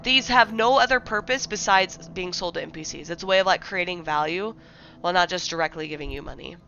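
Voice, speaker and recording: A young woman from the Midwest rambles to her stream viewers in a bright, sharp voice, piling on fillers and half-finished thoughts. The audio is a little muffled and dull, like a typical home stream mic. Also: on the low side, brisk, creaky, slight background noise. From American Midwest. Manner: rambling, filler-heavy, many likes and restarts. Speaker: livestreamer. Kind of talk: casual livestream chat.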